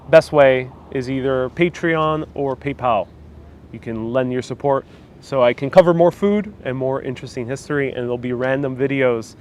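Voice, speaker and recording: A vlogger with a New York accent hosts a live stream, casually answering viewer comments. He rambles, using fillers and restarting often, in a mid-range voice.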